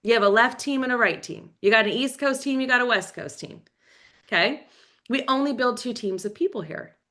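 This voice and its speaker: A woman's voice: on the high side, a little fast, a bit bright. A woman leading a motivational team training, coaching energetically and acting out cheerful phone calls. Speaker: team leader.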